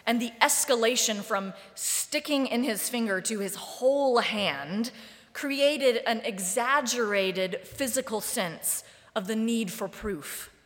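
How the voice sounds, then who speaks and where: A woman pastor preaching a sermon in a church sanctuary, deliberate and wry in a conversational way, with the long reverb of the sanctuary around her voice. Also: medium pitch, a bit bright. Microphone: live-streamed service mic.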